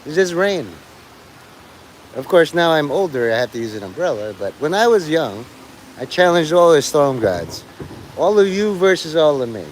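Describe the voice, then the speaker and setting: Outdoors in the rain near traffic, a middle-aged man rambles crudely through a livestream monologue, swearing and joking to himself. His voice sits on the high side with big pitch swings and a moderate pace. The recording is low quality, with slight background noise.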